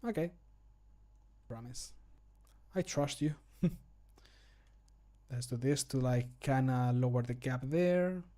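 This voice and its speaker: A man's voice: medium pitch, unhurried, long pauses, dark tone. A man streaming casually as he records game voice lines, playful and chatty, laughing often, close to a home microphone. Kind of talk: casual live-stream chat.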